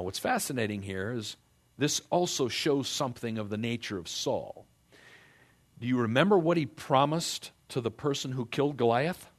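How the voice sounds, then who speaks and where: A man preaching a sermon in a casual, slangy way, full of rhetorical questions. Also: mid-range voice.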